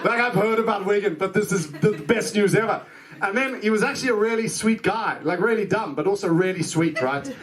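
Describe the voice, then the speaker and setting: A man's voice: high voice, brisk. A South African man doing a chatty stand-up set, telling a story and acting out the people in it. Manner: chatty storytelling, puts on voices for people he quotes. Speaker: stand-up comedian. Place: comedy club stage with a laughing audience. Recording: live club recording with loud crowd laughter.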